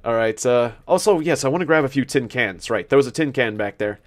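A man with a medium-pitched, expressive, brisk voice hosts a gaming video, rambling through casual let's-play commentary while he plays. He mocks himself, laughs at his own jokes, and thinks aloud, often restarting his sentences.

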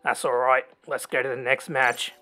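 Over faint background music, a man with a level, sharp, mid-range voice gives gameplay commentary at a moderate pace. He's a gaming channel host playing up a jokey fake Aussie accent, tacking "mate" and "right?" onto his lines while rambling and muttering to himself with lots of ums.

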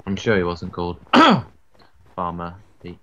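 A man's voice: deep voice, huge pitch swings, slow pace, sharp tone. A man grumbling and cursing in mock exasperation while playing Minecraft with a friend. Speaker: gamer co-host. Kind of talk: casual Minecraft let's-play chat.

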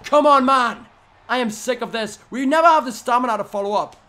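Brief: young male let's-player, very high voice, excitable, mutters then yells at the game. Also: fairly quick. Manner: excitable, yelling at the game, swings from muttering to screaming. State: voice going hoarse from shouting. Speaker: gaming commentator. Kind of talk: live let's-play commentary.

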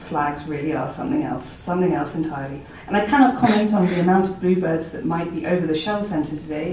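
At a poetry library event, a poet reads a playful prose poem aloud in a wry, conversational manner, with a medium-pitched, slightly mellow voice. The room is very echoey, the mic distant, and there's a little hiss or hum.

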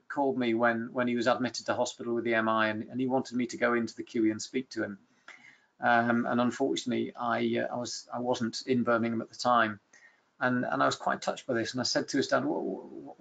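A man's voice: medium pitch, vocal fry, a bit bright, highs cut off. A man giving a webinar lecture, telling clinical case stories in a conversational way with many fillers and restarts.

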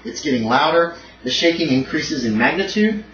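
A slightly high-voiced man runs a tabletop horror game, drifting through fillers and breaking out in loud sound effects. He sits well back from a dull, muffled mic. Steady noise hums behind him. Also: moderate pace. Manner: loose, filler-heavy narration with sudden shouted sound effects. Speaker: game master. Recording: roomy, distant, dull, noisy home recording.

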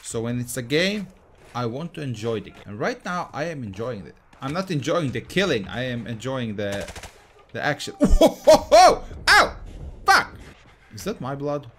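Excitable, swearing male gamer. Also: medium pitch, moderate pace. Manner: excitable, swears a lot, shouts callouts. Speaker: gameplay commentator. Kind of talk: casual let's-play commentary.

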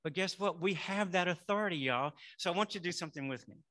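A middle-aged male minister preaching a sermon in a conversational way, saying y'all and building to loud affirmations. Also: high-pitched, fast.

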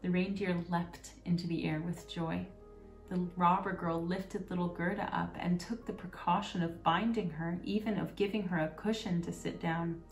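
A woman calmly reading a fairy tale aloud as a bedtime storyteller. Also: lowish voice, moderate pace. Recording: roomy, distant, faint music. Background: faint music.

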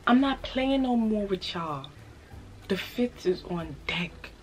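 A young woman with a New York accent and a slightly raspy voice, hosting a casual haul video and hyping her purchases to viewers in a playful way. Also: medium pitch, expressive, slow pace, heavy background noise. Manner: playful, hyped, repeats phrases, talks straight to viewers. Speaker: fashion vlogger.

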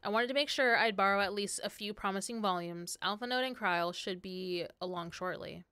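A woman reading aloud the lines of an earnest young noblewoman scholar from a game, halting and stumbling over words. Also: medium pitch, pushed and bright, smooth, no room sound, close to an everyday voice.

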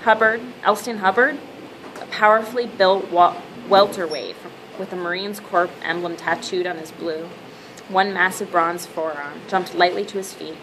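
Woman narrating an audiobook, lowish voice. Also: steady tone, moderate pace, background noise. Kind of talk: scripted narration.

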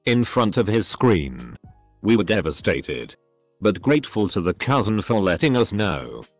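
Low-voiced man narrating online stories. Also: no room sound. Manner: spells out abbreviations letter by letter. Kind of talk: reading online stories aloud.

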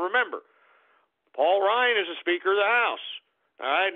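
A man's voice: sits high, phone-quality sound. Ranting male talk radio host, phone-thin sound. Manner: blunt, crude and exasperated, addresses listeners as folks.

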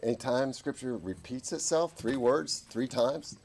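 A man's voice: a little slow, few pauses, a little hiss or hum. A middle-aged man preaching a sermon as an army chaplain, telling stories and acting out voices in the quotes. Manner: animated, acts out quotes with big pitch jumps. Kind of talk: sermon with storytelling. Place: church.

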